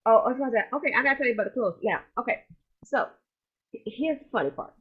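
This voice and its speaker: A woman co-hosting a podcast, telling lively casual stories in slangy speech with a husky voice over a video call. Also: on the high side, fast, lo-fi sound. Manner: animated storyteller, colloquial, laughs easily. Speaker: podcast co-host. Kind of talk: casual chat.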